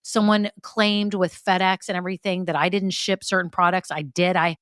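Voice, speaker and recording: A woman's voice: fairly low pitch, flat delivery, normal speed, fairly bright tone, dry recording, clean studio sound. A woman hosting a solo business podcast, talking in a chatty, candid way with many fillers and tag questions. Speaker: podcast host.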